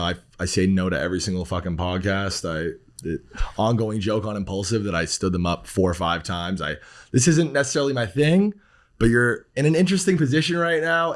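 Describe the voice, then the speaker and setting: A man, a podcast guest who talks bluntly, rambles with fillers and swears often. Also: on the low side. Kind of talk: casual podcast talk.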